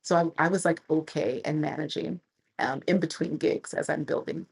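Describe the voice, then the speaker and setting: A woman in her thirties, a travel creator telling stories casually and animatedly, with a husky voice. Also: low voice, normal speed, poor audio. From United States. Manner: animated, chatty storyteller who laughs and acts out quotes. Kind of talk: casual storytelling to camera.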